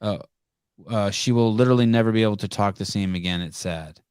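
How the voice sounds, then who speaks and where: A man's voice: fairly low pitch, quick pace, a little mellow, clean tone, no echo, clean studio sound. Blunt, foul-mouthed male podcast host. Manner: blunt, swears freely. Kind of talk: casual chat.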